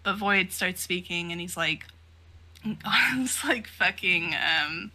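A woman co-hosting a podcast in casual chat, animated, laughing often and swearing freely. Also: fairly low pitch, takes it slowly. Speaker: podcast co-host. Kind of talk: casual chat recapping a comic.

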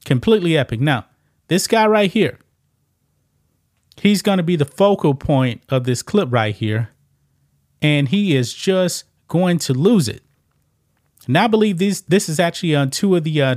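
A man's voice: fairly high pitch, darkish tone, no echo, studio quality. A man giving casual reaction commentary on a video clip, repeating himself and often saying "man". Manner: casual, repetitive, says "man" a lot.

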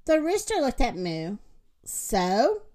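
Woman reading a picture book aloud. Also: high-pitched. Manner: slow, expressive read-aloud. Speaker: storyteller.

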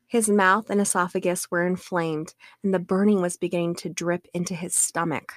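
A woman co-host calmly narrates a passage from a true-crime book. Her voice sits a little low. The recording is close and dry. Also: normal speed, no echo. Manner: calm, even narration. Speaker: podcast co-host. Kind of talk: reading a true-crime book excerpt aloud.

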